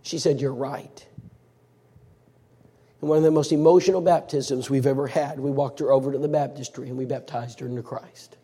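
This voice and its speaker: A man preaching a sermon as a dramatic story, swinging between loud and hushed. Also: mid-range voice, fairly even intonation, fast talker, few pauses, husky, big-room sound.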